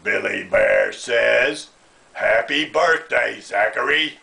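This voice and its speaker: A man's voice: mid-range voice, huge pitch swings, takes it slowly, vocal fry, pushed and bright, exaggerated voice. A man voicing a friendly, hungry male bear puppet who talks about cake. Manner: friendly, chatty about food.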